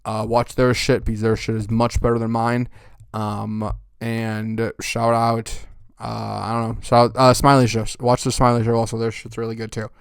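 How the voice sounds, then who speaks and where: Young guy ranting about golf, swears nonstop, smooth voice, dead dry room. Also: mid-range voice, completely flat delivery, normal speed, dry recording. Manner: swears constantly, rants loudly, then winds down. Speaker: golf podcast host. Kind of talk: profane ranting recap.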